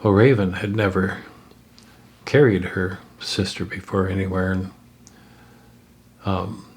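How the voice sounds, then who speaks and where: A man telling a story aloud, unscripted, in a halting way with pauses and restarts. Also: on the low side. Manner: halting, with frequent fillers and restarts.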